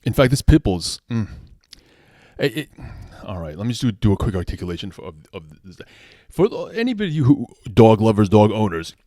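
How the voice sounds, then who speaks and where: Casual male toy reviewer, low voice, rambling and self-correcting, dry recording. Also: very animated, brisk, mellow, no echo. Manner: rambling, restarts sentences, conversational asides.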